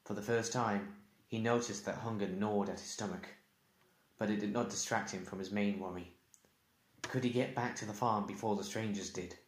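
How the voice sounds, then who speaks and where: A man with a low-pitched voice reads a fantasy audiobook in a measured, steady way. His home recording carries a noticeable roomy echo. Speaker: narrator. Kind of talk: audiobook narration. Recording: echoey room.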